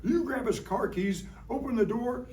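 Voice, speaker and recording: A man voicing a scheming, bossy squirrel who plots a raid, quick and excited. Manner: fast, excited, raised pitch. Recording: roomy classroom from a distant mic.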